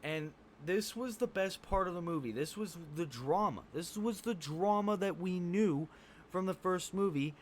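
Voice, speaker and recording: A man's voice: high voice, slight background noise. A man giving a casual spoken movie review, blunt and profane, rambling with fillers like "um" and "like".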